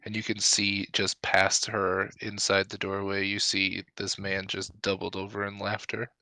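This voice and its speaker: Bright-voiced man running a tabletop game. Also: low voice, dry recording. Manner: relaxed, halting with many fillers. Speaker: dungeon master.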